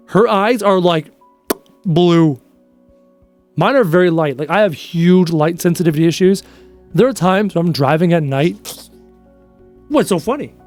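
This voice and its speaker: Male streamer, 30s, high-ish voice, animated and chatty with viewers, faint music bed. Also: dry recording. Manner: chatty, animated storytelling, answers chat questions. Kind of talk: casual live-stream chat.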